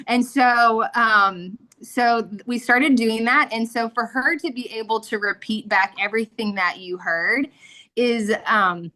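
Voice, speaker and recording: A woman's voice: a little high, slow pace, pushed and bright. A woman in her thirties giving an earnest, emotional personal testimony as a mother, with frequent fillers. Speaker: guest sharing a testimony.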